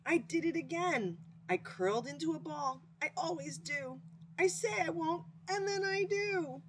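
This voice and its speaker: A nervous young hedgehog in a storybook read-aloud, played by a woman, his voice high and wailing and leaping all over the place. He sounds timid and close to tears. There is faint background hiss. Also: lively intonation, measured pace. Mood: tearful.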